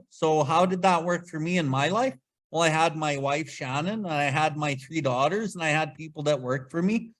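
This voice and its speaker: A man leading a casual recovery study talk, blunt and swearing freely as he acts out his own past outbursts. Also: high voice. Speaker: podcast host leading Big Book study.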